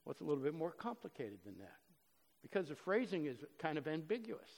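Pastor, male, high voice, earnest sermon delivery with loud and hushed stretches, church hall reverb. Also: sing-song, fairly quick, creaky. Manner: earnest, swings from loud emphasis to soft and low.

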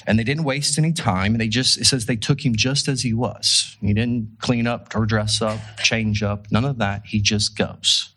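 Bright, husky-voiced preacher man. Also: fairly low pitch, normal speed, hardly any pauses. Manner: casual, animated storytelling with rhetorical questions. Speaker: pastor. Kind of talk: conversational sermon.

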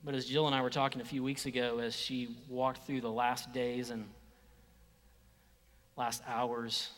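A man preaching a sermon as a pastor, dropping to hushed whispers and rising to loud emphatic exclamations, acting out quoted speech. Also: medium pitch, unhurried, in a large hall. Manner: acts out quoted speech in lively voices.

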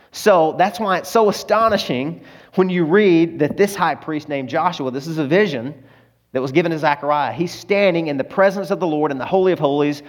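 A man preaching a sermon as a pastor. His delivery swings between loud emphasis and hushed, low moments, and he is emotional, close to tears.

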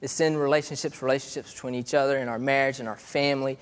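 Halting young father preaching in a hall. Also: mid-range voice, fairly even intonation, smooth. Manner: conversational, halting with many restarts. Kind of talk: sermon. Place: church hall. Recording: long hall reverb.

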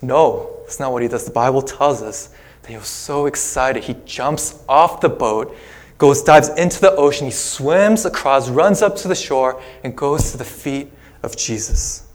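A pastor, a man, preaching a sermon in a relaxed, conversational way, retelling a scripture story with casual asides. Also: mid-range voice, measured pace.

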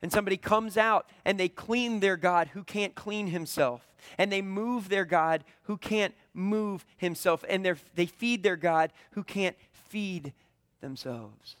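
A man's voice: high-pitched, measured pace, a bit bright, dry recording, studio quality. A man in his thirties with a Southern US accent, preaching a conversational sermon full of storytelling and acted-out dialogue. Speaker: pastor.

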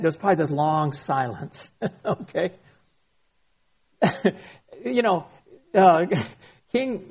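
A man who is a pastor, preaching a sermon and reading scripture aloud slowly and expressively. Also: a little high, darkish tone, breathy edge.

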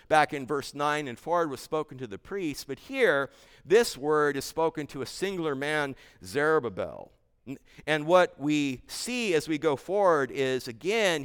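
A man preaching a sermon in a smooth, resonant, slightly high voice. He is earnest and emphatic as he walks through scripture verse by verse. The sound carries a long echo of a church hall. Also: a bit bright. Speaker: pastor. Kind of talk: expository sermon.

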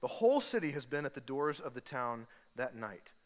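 A man's voice: medium pitch, very animated, normal speed, big-room sound. A man preaching a sermon, telling a story with humor and acting out voices. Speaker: pastor. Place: church hall.

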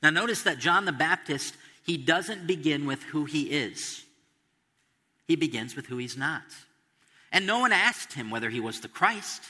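A man's voice: fairly high pitch, animated, moderate pace, sharp tone, in a large hall. A man preaching an expository sermon, stressing quotes and asking the listeners questions. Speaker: pastor.

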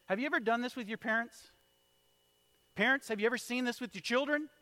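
Male pastor, 30s, fairly high voice, sermon storytelling, drops to a hush and then builds loud. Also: fairly quick, no echo. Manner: storytelling with wide swings in loudness, from hushed to shouted.

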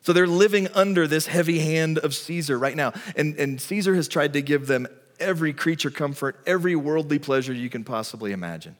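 A man's voice: on the high side, lively intonation, a little fast. A man preaching a sermon as a pastor, talking in a conversational, storytelling way. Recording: long reverb of a large hall.

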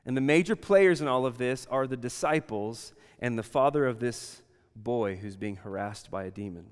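A man preaching a sermon, animated, acting out quoted voices and dropping from loud to hushed. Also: mid-range voice, moderate pace, clean tone, long reverb tail. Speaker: pastor.

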